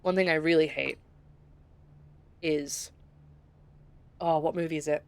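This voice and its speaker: A woman's voice: low voice, fairly even intonation, measured pace, long pauses, smooth, no room sound. A young woman from Scotland with a light Scottish accent, chatting casually and rambling as she streams a game and reads chat. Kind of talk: casual gameplay commentary.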